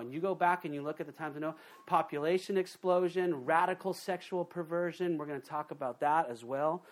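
Male pastor delivering a lively sermon, slightly higher voice, punches key lines and drops low for asides. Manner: animated, swings from loud emphasis to quiet asides, acts out quoted voices.

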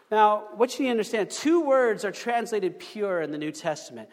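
A man's voice: sits high, expressive, fairly quick, few pauses, long reverb tail. A man preaching a sermon in a conversational way, asking the congregation questions and repeating himself as he builds his points. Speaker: pastor.

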